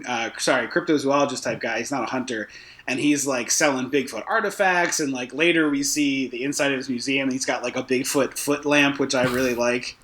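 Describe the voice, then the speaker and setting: A man co-hosting a casual film podcast, talking in an animated, jokey way and readily conceding points. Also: mid-range voice, a little fast. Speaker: podcast co-host.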